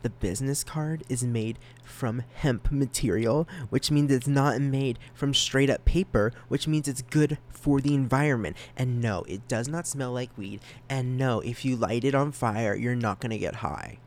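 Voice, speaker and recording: A young man hosting a solo podcast, talking casually, excited and self-conscious, stammering through restarts and rambling. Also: medium pitch, unhurried, few pauses. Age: young adult. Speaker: podcast host.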